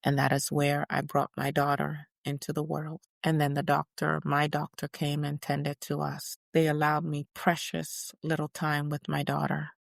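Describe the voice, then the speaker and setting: A defiant older activist, played by a woman, recalls her prison years in a dramatized interview. Her voice is gravelly and sits low, and she tells it in an emphatic, measured way. The sound is close and dry. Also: completely flat delivery, no echo. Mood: reflective. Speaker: guest portrayed in interview. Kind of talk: first-person dramatized interview.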